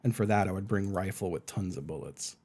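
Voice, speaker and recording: A young man streaming a game from home at a desk mic, chatting casually and cooing at his cats in a high baby voice. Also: fairly quick, a little mellow. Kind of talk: casual live-stream chat. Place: home room. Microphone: desk microphone.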